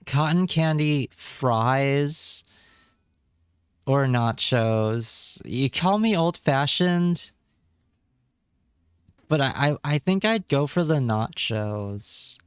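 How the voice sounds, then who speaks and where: A man's voice: mid-range voice, animated, very slow, pauses often, smooth, no room sound, studio quality. A man streaming live, chatting casually with his viewers and reacting with wry remarks and repeated words.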